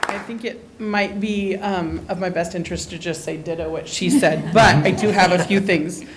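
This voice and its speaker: A woman's voice: on the low side, steady tone, moderate pace, very noisy. A woman art teacher giving a heartfelt, grateful acceptance speech at a school board meeting, with frequent ums. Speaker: award-winning art teacher.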